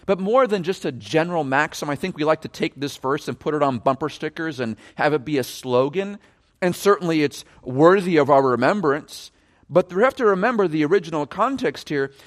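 A man delivers a sermon, explaining a passage with emphasis and leaning on key words through wide swings in pitch. The recording carries the long reverb of a large hall.

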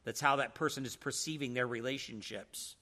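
A man's voice: mid-range voice, brisk, bright, forceful tone. A man teaching a church seminar in a preaching style, emphatic and full of rhetorical questions.

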